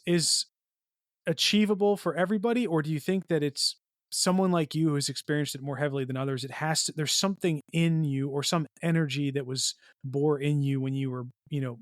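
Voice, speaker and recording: A man's voice: fairly high pitch, fairly even intonation, fairly quick, no echo, studio quality. A man hosting a podcast, asking long, rambling questions and thinking aloud with examples. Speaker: podcast host. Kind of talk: casual interview questions.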